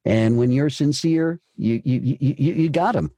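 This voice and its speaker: A man with a mellow, slightly husky voice coaches a voice-over student, encouraging and often repeating words as he explains. The sound is close and dry, with no room around it. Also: medium pitch, moderate pace, dry recording. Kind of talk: coaching session.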